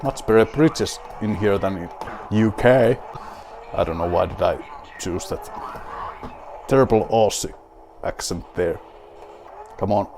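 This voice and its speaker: A man with a Finnish accent plays a rally game while he drinks beer, and he keeps up a wry, mock-grand commentary to himself. His voice sits fairly low and he talks slowly. There is a faint hiss under the voice. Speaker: gaming video host.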